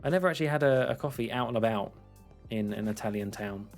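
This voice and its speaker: A young man from England streams as he plays, chatting in a rambling, self-mocking way and laughing often. His voice is medium-pitched and gravelly, he talks fast, and soft music plays in the background.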